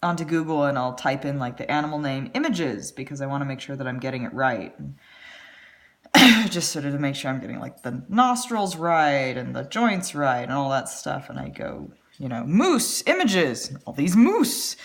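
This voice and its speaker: Chatty, lively woman streamer. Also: rumbling low. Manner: rambling, chatty, quick asides. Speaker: artist and live stream host. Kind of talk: casual chat while drawing. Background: faint music.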